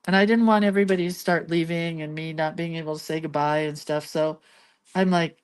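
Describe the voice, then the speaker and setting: A woman's voice: low-pitched, fairly even intonation, fairly quick, smooth. A woman hosting a craft channel, telling a rambling story in casual chat and laughing between lines. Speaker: lettering and doodling channel host.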